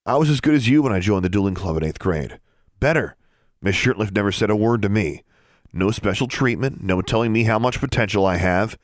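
A man's voice: on the low side, lively intonation, fairly quick, no room sound, studio quality, natural voice. A man doing a sneering teenage bully wizard. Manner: mocking, scornful taunts.

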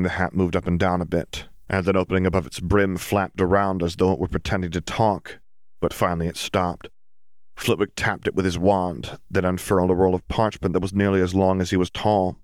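Male audiobook narrator, very low voice, dry close sound, steady descriptive reading. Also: normal speed, no room sound.

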